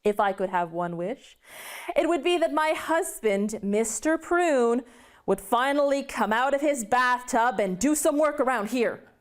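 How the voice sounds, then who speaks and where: A woman's voice: on the high side, expressive, a little slow. A storyteller woman plays a practical farm wife fed up with her lazy husband. Her delivery is dry and matter-of-fact. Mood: amazed.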